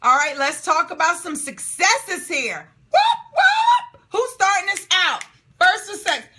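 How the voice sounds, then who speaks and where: A woman's voice: very high voice, expressive, measured pace, pushed and bright. A middle-aged woman hosting a live Q&A stream, reading out viewer comments, laughing and cheering often. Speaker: host of a live Q&A call.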